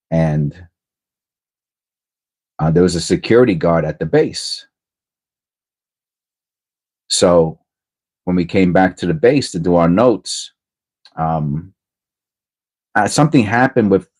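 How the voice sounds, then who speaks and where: A man's voice: deep voice, darkish tone. A middle-aged man hosting his livestream, telling a rambling personal story in a casual, hesitant way with lots of fillers. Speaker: livestream host.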